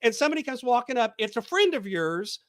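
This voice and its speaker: A man's voice: very high voice, very animated, quick pace, fairly bright tone, dry recording. A man, a coach, guest on a podcast interview, leading a guided visualization in a storytelling manner.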